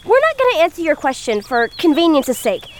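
A woman's voice: high voice, sing-song, a little fast, slight background noise. A woman playing a brash, crude female pirate captain in a comedy audio sketch.

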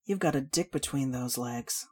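Woman voicing a stubborn warlord woman, menacing, snarling, deep-voiced. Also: moderate pace, darkish tone, breathy edge.

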